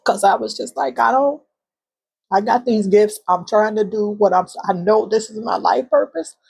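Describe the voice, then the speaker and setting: A woman hosting a spiritual channel, telling a heartfelt story from her bedroom in a halting way with fillers and soft whispered moments. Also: mid-range voice, creaky, husky. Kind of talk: emotional spiritual testimony vlog.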